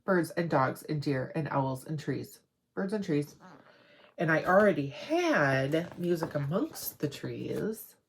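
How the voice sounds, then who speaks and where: A woman hosting a crafting video, chatting casually and rambling excitedly as she shows off her haul. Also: low-pitched, takes it slowly, vocal fry, slight background noise. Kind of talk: casual show-and-tell haul.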